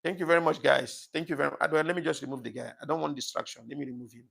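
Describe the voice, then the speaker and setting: Male livestream host, gravelly voice, thankful and apologetic, emotional, casual chat. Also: a little high, fairly even intonation, rapid-fire, fairly bright tone. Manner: emotional, says things get to him easily. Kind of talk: casual live-stream chat reading comments.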